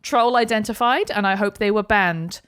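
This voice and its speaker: A British woman co-hosting a podcast, telling stories in casual, animated chat. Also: medium pitch, moderate pace, smooth, no room sound, clean studio sound. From Britain. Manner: chatty, animated storytelling. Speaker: podcast co-host.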